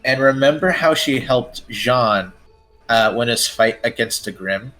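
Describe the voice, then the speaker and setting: A man's voice: mid-range voice, a bit bright, poor audio. Guy swearing and cracking blunt jokes over a story reading, faint music. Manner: profane, quick blunt jokes. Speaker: co-host. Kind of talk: crude casual commentary.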